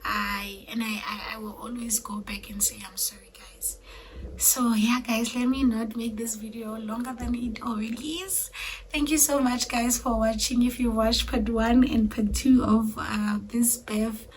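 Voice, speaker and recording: A young woman chatting casually to her viewers as a vlogger, often dropping to a hushed near-whisper and repeating herself as she talks. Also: a little high, flat delivery, unhurried, slight background noise, low-quality recording. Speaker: vlogger and mother of three. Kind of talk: casual chat to camera.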